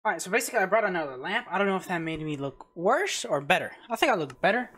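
A man streaming a casual let's-play, with a voice that leaps up and down as he reacts. He jumps from muttering to loud yelps at whatever happens on screen. Recorded on a home streaming mic. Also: sits high, fast, breathy edge. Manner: excitable, reacts loudly to the game. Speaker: gaming streamer.

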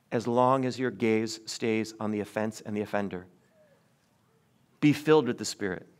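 A man preaching a sermon in a church, earnest with wry asides and swings of pitch. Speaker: pastor. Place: church sanctuary.

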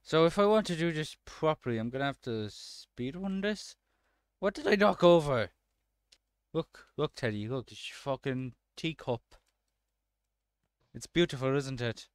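A man's voice: on the high side, animated, measured pace, long pauses, clean tone, no echo, studio quality. A man doing let's-play commentary, swearing and breaking into frustrated outbursts at the game.

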